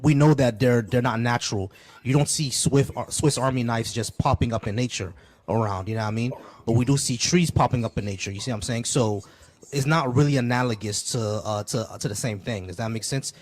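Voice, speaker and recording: A man's voice: medium pitch, brisk, darkish tone. A man hosting a live call-in debate stream, chatting casually with many fillers and restarts.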